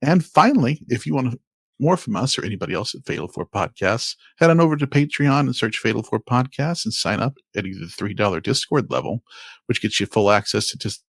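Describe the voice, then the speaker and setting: A man's voice: medium pitch, lively intonation, fairly quick, vocal fry, fairly bright tone, slightly rough, no room sound. A man hosting a podcast, reading intros and promos in an upbeat, emphatic, announcer-style way on a close mic. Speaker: podcast host. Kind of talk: casual podcast chat and promo reads.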